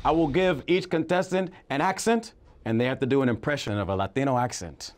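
A man hosting a comedic game show, energetic and teasing with his contestants. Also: medium pitch, fairly quick, music in the background.

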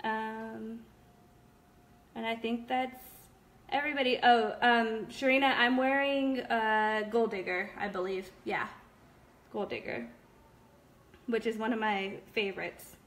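Young woman host, slightly high voice, upbeat and chatty, full of fillers. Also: fairly even intonation, a little slow, fairly bright tone. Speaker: live-stream host of a nail product shop. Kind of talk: casual live-stream chat reading viewer comments.

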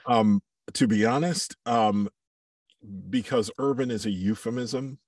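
A man who works as a voiceover artist and coach, speaking as a podcast guest in a measured, reflective way and giving examples. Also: mid-range voice, a little mellow, no echo, clean studio sound, far from the mic. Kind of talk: podcast interview, thoughtful conversation.

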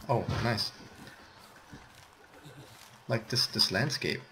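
A man's voice: medium pitch, very slow, noisy background. A man chatting casually while playing a co-op game with a friend, nervous and jumpy when the game turns dangerous. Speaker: gamer. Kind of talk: casual co-op gameplay chat.

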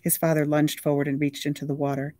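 A reader narrating a novel at a mid pitch, steady and even, close to the mic. The sound is dry, with no room around it. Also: fast talker, dry recording. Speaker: audiobook reader.

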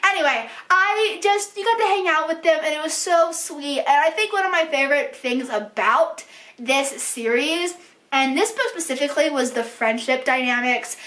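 A woman's voice: high-pitched, normal speed, a bit bright. A young woman book vlogger chatting casually about books she read, gushing and full of fillers. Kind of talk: casual chat. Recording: echoey room.

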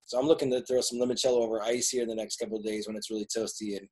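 Man, Midwestern accent, quick talker, podcast co-host, casual chat, upbeat, teasing. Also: on the low side, level tone, darkish tone. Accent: Midwestern American. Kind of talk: casual chat over drinks.

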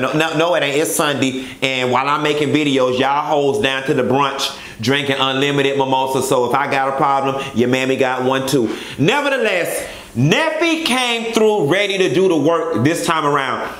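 A man's voice: mid-range voice, normal speed, a bit bright. A man reviewing a reality TV show in a flamboyant, sassy and profane vlog. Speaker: vlogger. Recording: echoey room.

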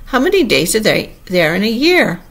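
A woman's voice: mid-range voice, sing-song, moderate pace, vocal fry, voice pushed up, full character voice. Humpty Dumpty, a woman voicing a pompous egg. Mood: lofty. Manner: blustering, haughty, loud. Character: pompous touchy egg-man perched on a wall. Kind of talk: audiobook character voice.

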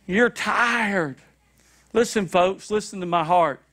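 A man preaching a sermon, animated and repetitive, with shouted high-pitched acted quotes, in a church. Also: takes it slowly. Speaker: pastor. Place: church sanctuary.

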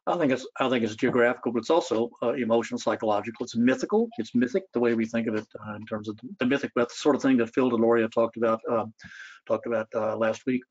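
Male historian guest, mid pitch, thoughtful storytelling delivery with fillers, lo-fi sound. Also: quick pace, darkish tone, husky. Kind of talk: public talk.

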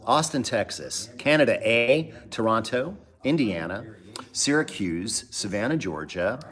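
A middle-aged man with a very low voice hosts a loose live-stream chat. He rambles from one thought to the next, reads out viewer locations, and drops dry jokes along the way. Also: expressive, a little slow, fairly bright tone. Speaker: host.

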